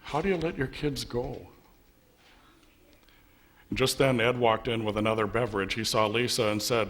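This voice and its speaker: A man, a pastor in a church with a Minnesotan accent, telling a sermon story and voicing the people in it with shifts in pitch and loudness. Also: moderate pace.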